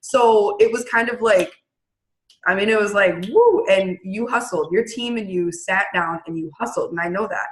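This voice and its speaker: A woman leading her team on a video call, talking bluntly and briskly and acting out what people said. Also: medium pitch, lively intonation, poor audio. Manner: blunt, brisk, acts out quotes. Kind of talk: casual pep-talk on a video call.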